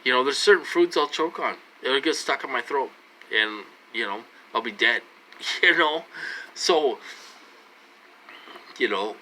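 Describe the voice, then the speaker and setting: A man from Minnesota talks straight to his viewers in a loose, rambling monologue. His voice is bright and forward. He circles back and repeats himself, with "you know" dropped into nearly every sentence. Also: a little high, a little hiss or hum, rough recording. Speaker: vlogger. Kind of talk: casual monologue to camera.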